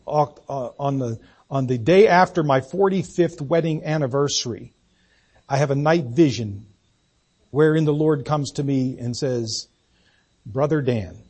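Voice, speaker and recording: Husky older man preaching a folksy sermon. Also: fairly high pitch, darkish tone. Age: 60s. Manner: folksy, self-deprecating, halting restarts. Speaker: pastor.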